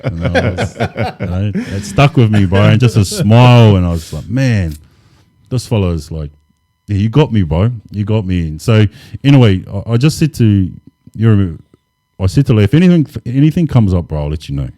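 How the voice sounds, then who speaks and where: Deep, mellow-voiced New man. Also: normal speed, no echo, studio quality. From New Zealand. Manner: relaxed, laid-back, lots of "bro" and fillers. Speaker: interview guest. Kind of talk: casual storytelling.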